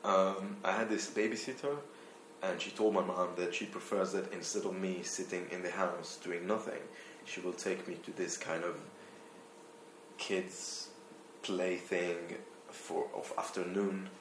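A man's voice: sits low, little pitch movement, a little slow, fairly bright tone, echoey room, a little hiss or hum. A young man from Israel with an Israeli accent, a guest musician talking casually and thoughtfully, sometimes searching for words. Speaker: guest violinist. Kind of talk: casual interview talk.

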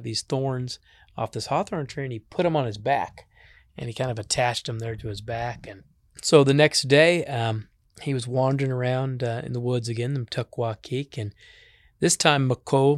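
A man's voice: mid-range voice, no room sound, studio quality. A man telling a traditional animal tale in a casual, folksy way, mixing in native words. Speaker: storyteller. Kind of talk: oral storytelling with native words.

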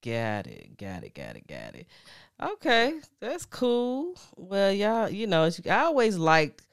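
A woman's voice: mid-range voice, wildly swooping pitch, slow pace, gravelly, dry recording, clean studio sound. A woman hosting a podcast in a casual, laid-back chat, slangy and full of fillers. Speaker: podcast host.

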